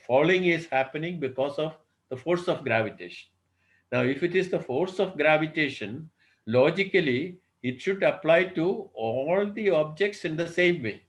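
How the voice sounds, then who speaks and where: A male professor delivers an online lecture over a video call. He talks in an unhurried, reflective way, pausing on frequent "uh, you know" fillers. He asks rhetorical questions and then answers them himself. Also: mid-range voice, low-quality recording. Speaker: professor giving a workshop lecture.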